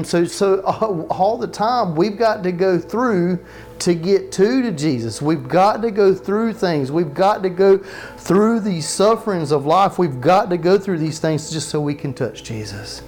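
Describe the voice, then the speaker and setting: A man with a fairly high voice preaching to his congregation in a relaxed, talky way. He keeps asking the room questions and answers them himself. He repeats key phrases twice for weight and slips in light jokes. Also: measured pace. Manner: repeats phrases for emphasis, joking asides. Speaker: pastor. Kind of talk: sermon. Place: church sanctuary with live congregation.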